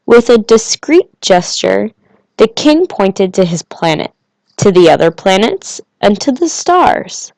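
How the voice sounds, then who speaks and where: A woman narrating a storybook audiobook in a measured, unhurried way. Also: mid-range voice, expressive, a little mellow. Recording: long reverb.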